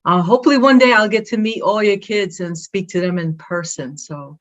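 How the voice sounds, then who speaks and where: A woman's voice: mid-range voice, a little fast. A woman from Brooklyn with a Brooklyn accent, proudly telling her story as an interview guest. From Brooklyn, New York. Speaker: guest, athletic director. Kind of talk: casual interview.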